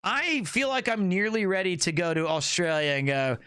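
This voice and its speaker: High, bright-voiced playful streamer man. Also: normal speed, clean tone, no echo. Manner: animated, playful, laughs at his own jokes. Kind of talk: casual chat with viewers. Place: Tokyo, Japan.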